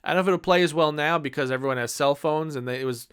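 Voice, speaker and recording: A man's voice: fairly high pitch, quick pace, a bit bright, smooth. A man in his thirties giving a casual, enthusiastic movie review, rambling with many fillers. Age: 30s.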